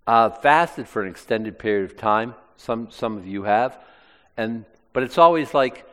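A man's voice: medium pitch, lively intonation, measured pace, fairly bright tone, long reverb tail. A male preacher reading aloud from the Bible and commenting on it in plain, conversational asides during a sermon.

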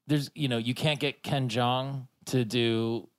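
A man's voice: medium pitch, steady tone, slow, clean tone. A man hosting a podcast, talking in a loose, rambling way and laughing often. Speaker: podcast host. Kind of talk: casual chat.

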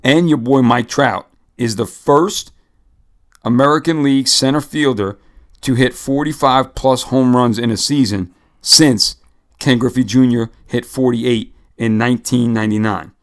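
A man's voice: mid-range voice, measured pace. A man co-hosting a sports podcast, chatting casually and reading off stats with their sources. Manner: relaxed, rattles off stats and cites sources. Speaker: podcast co-host.

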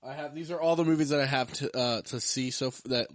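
Talking fast at a medium pitch, this man hosts a podcast and chats loosely about the movies he ranks, packing his rambling with fillers. There's no echo on the audio.

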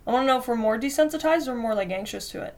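A woman's voice: a little high, expressive, rapid-fire, darkish tone. A young woman in casual podcast chat, rambling with lots of fillers and casual swearing. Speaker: podcast guest.

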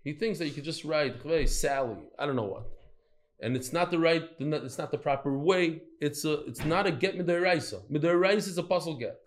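Male Talmud teacher, slightly high voice, animated storyteller in front of a live class. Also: a little fast. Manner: animated, storytelling, quizzes the listeners.

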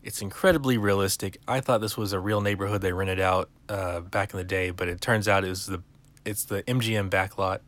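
Low-voiced man recapping, full of uhs. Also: steady tone, a little fast, a bit bright. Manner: rambling, filler-heavy, wry asides. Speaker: podcast host. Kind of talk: casual episode recap.

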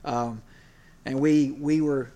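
Casting: male preacher, mid-pitched, chatty and unpolished, leans on "you know", tells homespun stories. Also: steady tone, slow pace, crowd noise. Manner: conversational, many fillers, gets emotional. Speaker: preacher and PE teacher. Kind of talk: sermon.

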